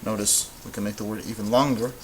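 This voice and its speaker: A man with a fairly low voice gives a patient whiteboard lesson. He explains each step slowly and stops now and then to correct himself. A faint hum of noise sits under his voice. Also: fairly even intonation, poor audio. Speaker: Spanish teacher.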